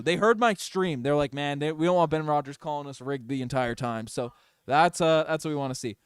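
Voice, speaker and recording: A man streaming fan play-by-play of a basketball game, excitable and openly partisan, talking to his chat. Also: fairly high pitch, brisk, clear, resonant tone, dry recording, clean studio sound. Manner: excitable, biased home-team fan chatting with his chat. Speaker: streamer doing live play-by-play. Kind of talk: fan play-by-play livestream commentary.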